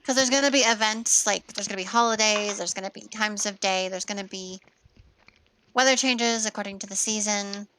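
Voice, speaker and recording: A woman's voice: mid-range voice, fairly quick, bright, forceful tone, slight background noise, rough recording. A woman in casual chat on a voice call, showing and explaining her fan game with chatty fillers.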